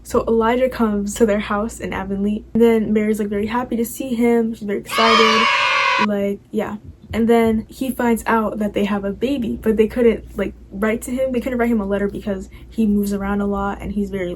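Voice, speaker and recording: A woman's voice: mid-range voice, very noisy. A young woman casually recapping a TV show, rambling and filling her talk with "like" and "you know".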